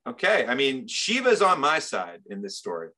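Man, casual storyteller; bright, forceful voice, rambling and profane. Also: medium pitch, huge pitch swings, moderate pace.

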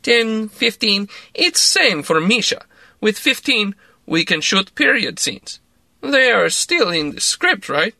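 A man voicing a blunt, businesslike woman producer who speaks flat, clipped broken English. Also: high-pitched, slow pace, creaky, no room sound, pitched above the performer's own voice, exaggerated voice.

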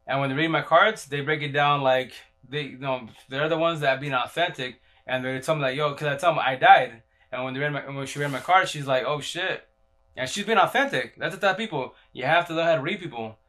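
A man's voice: fairly high pitch, fast, few pauses, sharp tone. Rambling, slangy man talking on a live stream. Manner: repeats himself and restarts often. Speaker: livestreamer. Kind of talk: casual livestream talk.

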